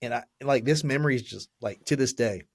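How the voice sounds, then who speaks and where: A man in his forties speaks as a guest on a podcast, recounting his own past with halting earnestness and plenty of restarts. His voice sits at an ordinary middle pitch, and the recording is close and dry, with no room sound around it. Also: no echo. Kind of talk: candid personal testimony in a podcast interview.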